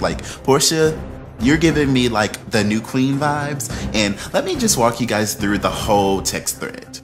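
A man giving gossip commentary as a vlogger, animated and slangy, laughing as he talks. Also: mid-range voice, a little slow, music in the background. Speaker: entertainment vlogger.

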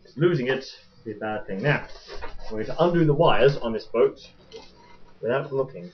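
A man's voice: mid-range voice, lively intonation, moderate pace, a little hiss or hum. Jokey young man on a lo-fi webcam. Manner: chatty, jokey, rambling. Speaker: vlogger unboxing a toy boat. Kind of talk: casual unboxing commentary. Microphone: webcam mic. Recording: dull lo-fi webcam audio.

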